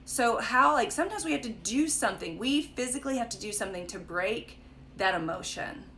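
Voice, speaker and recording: A woman's voice: on the high side, lively intonation, a little fast, pushed and bright, slight background noise. A young woman leading a casual livestream Bible study, chatty and storytelling, often saying "like" and "right?". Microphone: phone or webcam for a live stream.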